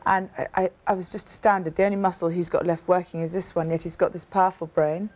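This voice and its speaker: Lower-voiced British woman telling her story. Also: little pitch movement, fast talker, darkish tone. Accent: British English. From Britain. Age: 30s. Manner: earnest and emphatic, frequent restarts. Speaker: talk show guest. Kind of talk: personal storytelling in a TV interview.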